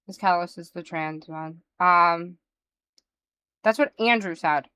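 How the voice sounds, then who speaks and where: Bright, crisp-voiced woman streamer chatting. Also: on the low side, measured pace, dry recording. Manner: animated gossipy storytelling, addressing chat. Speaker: live streamer. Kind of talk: casual chat with viewers.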